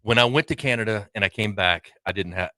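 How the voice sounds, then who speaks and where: A middle-aged man with a Southern drawl runs a sports talk show, easygoing and ready with a joke. His voice sits very low yet has a bright, forceful edge. The sound is close and dry. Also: fast, dry recording. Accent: Southern American. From American South. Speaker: sports radio host.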